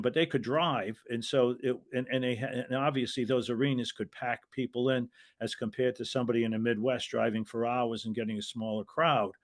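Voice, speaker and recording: An older American man, a former wrestling referee, telling long stories in an interview, rambling with restarts and acting out quoted voices. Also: medium pitch. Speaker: guest, retired wrestling referee. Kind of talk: anecdotal interview storytelling.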